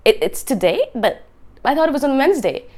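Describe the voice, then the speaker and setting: A woman with a cold-roughened voice, mimicking a carefree, forgetful friend in a high, breezy tone. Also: big pitch swings, a little fast, a little mellow. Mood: flustered. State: hoarse from a cold.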